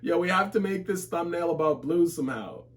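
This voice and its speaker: A man streaming a live reaction to a comic chapter, excitable and profane, full of slang and bursting into shouts when hyped. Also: on the high side, fairly quick.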